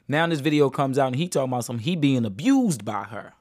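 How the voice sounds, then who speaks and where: A man's voice: medium pitch, expressive, fast talker, a little mellow, no room sound, studio quality. A man hosting a casual commentary, talking straight to viewers and repeating phrases as he restarts. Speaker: commentary host.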